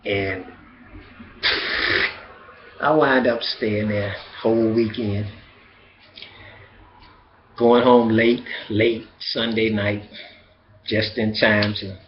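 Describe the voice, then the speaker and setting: A man telling a profane, animated stand-up story that builds to loud outbursts. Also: on the low side, extremely slow, long pauses, a little hiss or hum. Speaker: stand-up comedian. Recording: roomy, dull sound with faint ambience.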